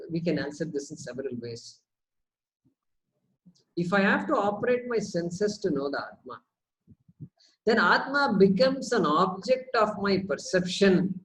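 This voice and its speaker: Guy teaching, kinda high voice, lively, keeps asking rhetorical questions. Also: poor audio. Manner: repeats words as he thinks. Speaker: spiritual teacher. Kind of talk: question-and-answer teaching session.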